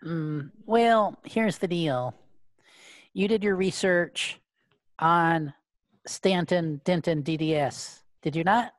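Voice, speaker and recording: A huge male bounty hunter in a tabletop game, creepy and oddly childlike, as a woman puts him on. He talks slowly in a lowish voice, halting as if he were weighing every word. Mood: creepy calm.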